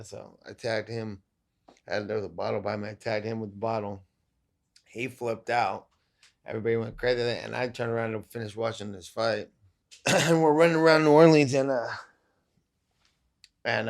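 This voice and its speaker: A man appearing as a podcast guest tells casual stories in a fairly low, steady voice at normal speed, with some vocal fry. He is laid-back and rambling, and he swears a lot.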